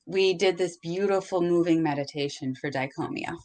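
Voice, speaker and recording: A woman in a casual chat, explaining things slowly and carefully and laughing often. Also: on the low side, darkish tone. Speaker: podcast participant.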